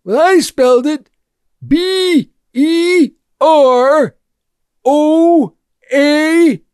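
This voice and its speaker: A man voicing a slow, muddled, forgetful hotel bell captain in a comedy sketch, speaking in vague deadpan non sequiturs. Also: very high-pitched, dry recording, clean studio sound, heavily acted. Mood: dim.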